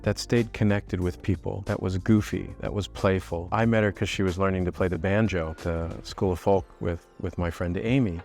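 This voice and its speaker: Middle-aged male storyteller, deep voice, candid and self-mocking, casual confessional vlog. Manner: reflective, candid, self-deprecating with mild swearing. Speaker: artist telling personal stories.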